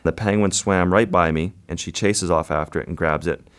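A man, a wildlife photographer, being interviewed and telling a vivid, unhurried story about his work. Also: deep voice, fairly even intonation.

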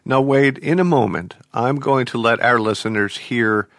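A man's voice: medium pitch, moderate pace, fairly bright tone, no echo. A man hosting a radio show, interviewing a guest in a playful, articulate way, then reading the show credits. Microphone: studio microphone. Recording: dry studio sound with faint music.

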